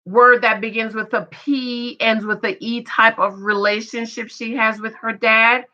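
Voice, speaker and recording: A woman's voice: on the high side, little pitch movement, unhurried, bright, forceful tone. A woman recapping a reality TV show in a casual, gossipy, opinionated way, with asides to her viewers. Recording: dull lo-fi sound.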